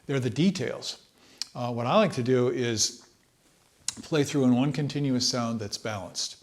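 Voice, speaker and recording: A man teaching trumpet, talking in a relaxed, thoughtful way and sometimes singing short phrases to demonstrate. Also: medium pitch, unhurried. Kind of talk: instructional talk.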